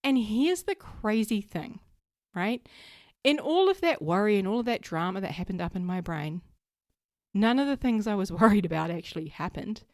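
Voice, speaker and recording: A woman, hosting her own podcast and telling a story in a lively way, acting out her worried thoughts. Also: mid-range voice, normal speed, no echo, studio quality. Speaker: podcast host. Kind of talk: casual solo podcast talk.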